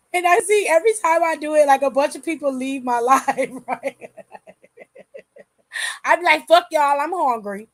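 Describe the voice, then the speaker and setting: High pitched woman w/ AAVE, chatting on a stream, swears a lot, dry close sound. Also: unhurried, pauses often, no echo. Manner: candid, swears freely, laughs often. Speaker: aftershow host reading chat. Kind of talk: casual livestream chat.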